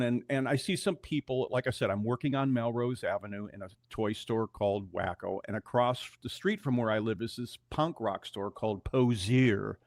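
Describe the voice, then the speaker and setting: An older male musician telling an animated story in a radio interview and acting out the dialogue. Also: medium pitch, no echo, clean studio sound. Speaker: musician guest.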